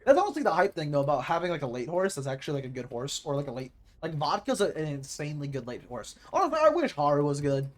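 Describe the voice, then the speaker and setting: Lively, rambling male game streamer. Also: on the high side. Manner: rambling, excitable, repeats words when he gets going. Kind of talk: casual live gaming commentary.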